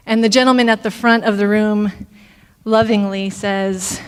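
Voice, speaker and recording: A woman minister giving a reflective sermon, speaking deliberately with pauses. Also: on the high side, fairly even intonation, smooth, big-room sound. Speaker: intern minister. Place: church sanctuary.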